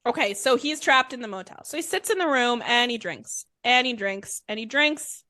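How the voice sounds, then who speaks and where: A woman's voice: a little high, expressive, normal speed, sharp tone, dry recording, studio quality. A woman podcast host telling a crime story in a chatty, irreverent way, swearing freely. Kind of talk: casual comedic storytelling.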